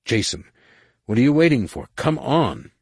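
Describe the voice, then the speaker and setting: A man's voice: medium pitch, big pitch swings, normal speed, slightly rough, no echo, clean studio sound, pitched above the performer's own voice. A man voicing an eager young man who keeps urging his older brother to follow him. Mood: urgent coaxing. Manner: urgent, coaxing.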